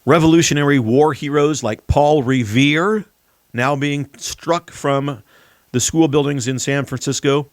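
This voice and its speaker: A man's voice: on the high side, a little slow, dry recording, clean studio sound. A man hosting a political commentary show, talking emphatically and addressing the audience directly. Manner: emphatic, repeatedly addresses "ladies and gentlemen". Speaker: talk show host.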